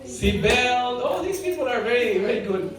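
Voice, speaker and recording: Animated and moderately paced, the mid-range voice leads a lighthearted spiritual talk, peppered with jokes, audience quizzes and laughter. Music plays in the background of the large, very echoey hall, recorded from a distant mic with the audience present.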